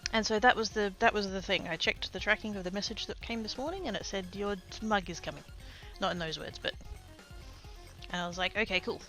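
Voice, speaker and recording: A woman's voice: medium pitch, a bit bright. A woman with an Australian accent chatting casually on a live stream, rambling, laughing often and swearing casually.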